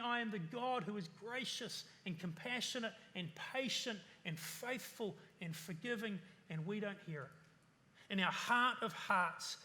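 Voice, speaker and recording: A man preaches with a high, bright, ringing voice, earnestly stacking lists and asking his listeners rhetorical questions. His words trail into a long reverb, as in a church hall. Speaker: pastor. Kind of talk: sermon.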